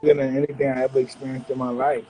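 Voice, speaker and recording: A man in his fifties from the United States, a guest in an interview, telling blunt, animated stories and acting out other people's voices. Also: medium pitch, fast, husky, faint music behind, low-quality recording. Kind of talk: candid interview storytelling.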